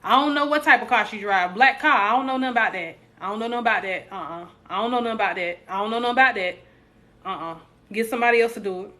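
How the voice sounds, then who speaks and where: A woman's voice: medium pitch, very fast, sharp tone. A young adult woman, hosting a casual live stream, joking with viewers and preaching encouragement.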